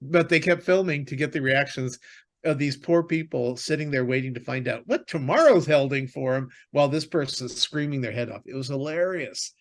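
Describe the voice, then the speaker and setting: A man's voice: mid-range voice, lively intonation, moderate pace. A man co-hosting a podcast, chatting casually about TV shows and movies, rambling with lots of fillers and restarts. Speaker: podcast co-host.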